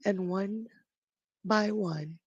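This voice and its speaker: A storyteller on a live stream, narrating a myth dramatically, with pauses and restarts. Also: medium pitch, darkish tone, breathy edge, no echo, highs cut off.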